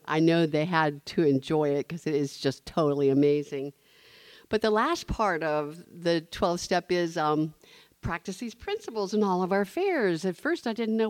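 A woman's voice: on the low side, dry recording. Woman telling her recovery story, dry sound. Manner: storytelling, acting out dialogue with lively shifts. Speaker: speaker sharing her story. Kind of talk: recovery meeting talk.

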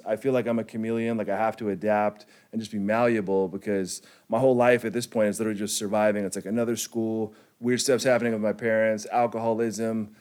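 A young man from California tells his own story to a group in a relaxed, slangy way. He fills his talk with "like" and "you know" and chuckles often. His voice sits at an ordinary pitch for a man. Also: smooth. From California, United States. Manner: laid-back slangy storytelling, heavy on "like", chuckling. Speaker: recovery speaker sharing his story. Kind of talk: personal testimony to a group.

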